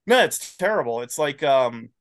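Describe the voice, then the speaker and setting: A man guesting on a podcast, riffing in casual chat with animated rhetorical questions. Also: mid-range voice, normal speed.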